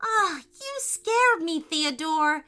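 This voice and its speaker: Woman voicing a seven-year-old girl, storybook, eager, curious, lively and high. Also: measured pace, soft background music, heavily acted. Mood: startled.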